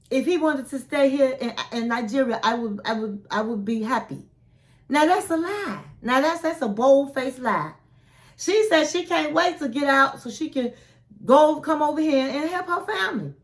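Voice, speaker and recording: A woman's voice: high-pitched, lively intonation, moderate pace. A woman retelling a reality show episode in a chatty recap, acting out what the people said and adding her own blunt asides. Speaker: recap vlogger.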